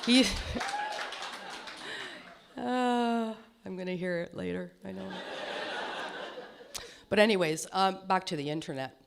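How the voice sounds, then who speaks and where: A woman's voice: medium pitch, sing-song, takes it slowly, vocal fry, long pauses, a crowd in the background. A middle-aged woman with a lisp doing a self-deprecating stand-up comedy set on stage, laughing at her own jokes. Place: small comedy stage before an audience.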